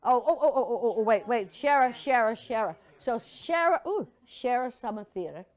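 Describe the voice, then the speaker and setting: An older woman's voice, on the high side and expressive, moves at a moderate pace as she reflects during a memorial slideshow. She tells a church audience chatty, playful stories, sometimes mimicking people in mocking put-on voices.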